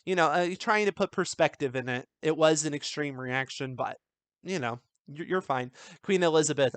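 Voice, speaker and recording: A man's voice: on the high side, normal speed, a bit bright, no echo. A man teaching writing, walking through a film script in a casual, conversational way with many fillers and restarts. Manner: reads film quotes aloud. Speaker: writing instructor. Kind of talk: script analysis lesson.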